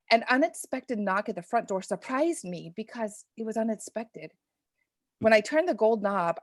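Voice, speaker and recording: Lady reading a silly bad-book chapter out loud, mock-breathless, dry close sound. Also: fairly high pitch, dry recording. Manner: mock-breathless, sly comic delivery. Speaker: guest author reading a parody chapter. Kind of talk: comic reading aloud.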